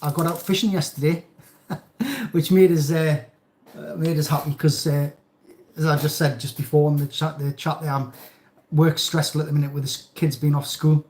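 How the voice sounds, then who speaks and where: A middle-aged man with a Geordie accent, hosting a live stream in a relaxed, rambling, jokey way as he reads out viewers' comments at home. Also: a little high, brisk. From North East England. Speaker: channel host. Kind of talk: casual live-stream chat reading comments. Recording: roomy echo.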